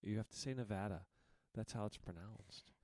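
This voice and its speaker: Man, lowish pitch, casual chat, short teasing interjections. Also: steady tone, brisk, darkish tone, dry recording.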